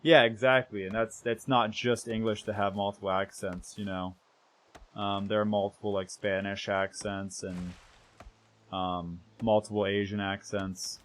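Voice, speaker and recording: A man's voice: fairly low pitch, flat delivery, measured pace. A young American man chatting casually with viewers while streaming a game, rambling and correcting himself as he goes. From United States. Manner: rambling, self-correcting, trails off softly.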